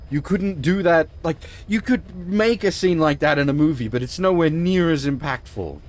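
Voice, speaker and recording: A man's voice: fairly high pitch, normal speed. A man streaming a game in a loose, rambling chat, swearing freely as he reacts and sounding a little choked up. His voice sits a touch above the usual male range. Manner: rambling, emphatic, swears often. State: emotional, choked up. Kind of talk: casual livestream commentary.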